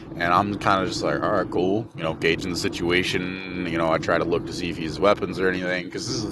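A young man from Michigan with a lowish voice rambles through a story on his solo podcast, swearing freely and mocking the people in it. His talk runs loose and animated, and a clear hiss of background noise sits under the whole recording. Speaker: podcast host. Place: indoors, while driving. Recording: noisy background ambience.

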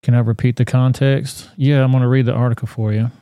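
A man hosting a podcast, commenting on a news video in a blunt, profane, animated rant. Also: medium pitch, quick pace, clear, resonant tone, no echo, clean studio sound. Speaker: podcast host.

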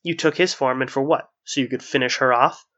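A man voicing a jovial, jester-like male watcher who turns commanding and sharp, in a slightly muffled lo-fi recording. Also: medium pitch, brisk, natural voice. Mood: angry.

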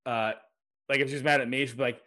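A young adult man co-hosting a podcast, rambling through anecdotes in a relaxed casual chat with frequent laughs. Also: mid-range voice, fast. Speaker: podcast co-host.

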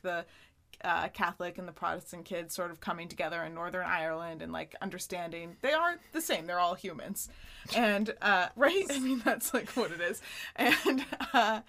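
A woman's voice: medium pitch, expressive, moderate pace, a bit bright. A woman in her thirties co-hosting a podcast, chatting casually and laughing often. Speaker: podcast co-host. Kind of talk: casual chat.

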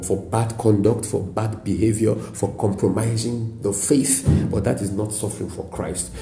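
Nigerian male pastor, lowish gravelly voice, emphatic repeating sermon, roomy echo with faint music behind. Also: dark tone. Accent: Nigerian English. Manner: emphatic preaching with repetition and frequent "praise God".

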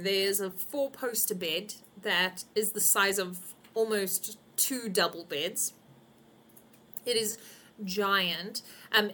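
Bright-voiced woman game master. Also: mid-range voice. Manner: descriptive, with frequent ums. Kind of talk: narrating a tabletop game.

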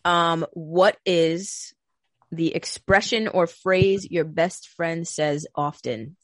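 Slow lowish woman reading the questions, kinda hesitant, dry mic. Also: dry recording. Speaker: question reader.

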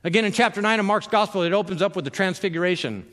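A man's voice: high-pitched, quick pace, a bit bright. Conversational male pastor in a reverberant hall. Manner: conversational, filler-heavy, self-interrupting with repeated words. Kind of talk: sermon.

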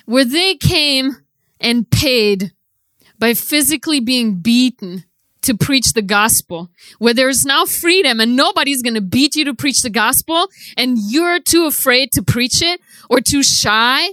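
Woman preacher, high bright voice, dry close sound, chatty testimony that flares into impassioned preaching. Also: animated, measured pace, dry recording. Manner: swings from hushed storytelling to loud impassioned preaching; conversational, many "like" fillers.

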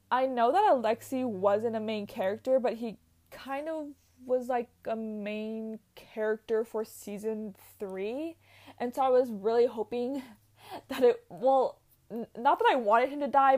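A woman's voice: a little high, darkish tone. Chatty young woman gushing. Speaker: vlogger. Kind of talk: casual chat.

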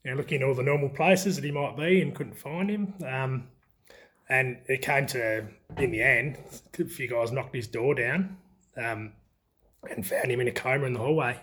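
A middle-aged Australian man spins old football yarns in a loose, chatty interview. He keeps breaking into laughter as the stories unfold, his voice sitting at an everyday middle pitch. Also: moderate pace, a bit bright. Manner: laughs often while telling stories. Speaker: former country footballer. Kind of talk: casual storytelling interview.

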